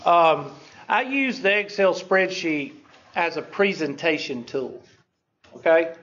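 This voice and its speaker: Man teaching statistics, slightly high voice, folksy classroom lecture, keeps saying okay, dull lo-fi recording. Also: animated, slow, a bit bright. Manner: folksy, self-deprecating, frequent "okay?" check-ins.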